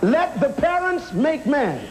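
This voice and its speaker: A man's voice: very high voice, very animated, slow pace, background noise. A man preaching a sermon in an auditorium, emphatic, asking rhetorical questions and calling the crowd to respond.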